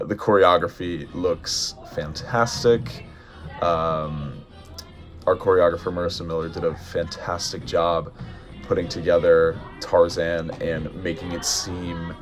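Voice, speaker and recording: A man's voice: deep voice, steady tone, slow, over music. A young man in musical theatre, chatting casually in a vlog, tired, with many ums and restarts.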